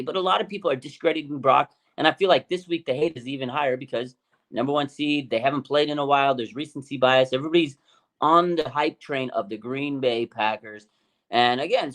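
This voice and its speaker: Excitable higher-voiced man hosting sports chat. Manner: excitable storyteller, animated and emphatic. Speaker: podcast host.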